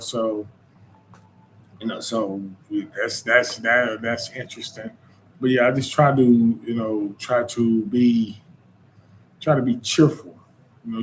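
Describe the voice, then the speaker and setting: A man with a North Carolina Southern accent hosts his own show in a loose, rambling monologue. His voice sits at an ordinary middle pitch and keeps circling back with "you know" and "man". A faint noise hums behind him. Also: low-quality recording. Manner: informal Southern speech. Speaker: podcast host. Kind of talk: casual monologue.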